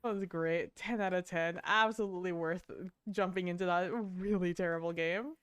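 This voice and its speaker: A woman streaming live gameplay, talking to her chat in a profane, excitable way with bursts of laughter. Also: on the low side, moderate pace, smooth, no echo.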